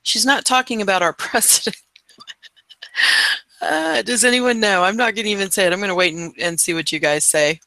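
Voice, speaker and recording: A woman's voice: mid-range voice, a little fast, sharp tone, no echo. A woman hosting a casual live stream chat, chatty and laughing often.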